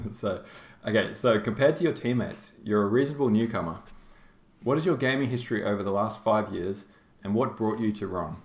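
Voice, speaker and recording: Chatty Australian man with low voice. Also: fairly quick. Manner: chatty, rambling, laughs often, many fillers. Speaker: tournament caster and stream host. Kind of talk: casual live-stream chat. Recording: roomy echo.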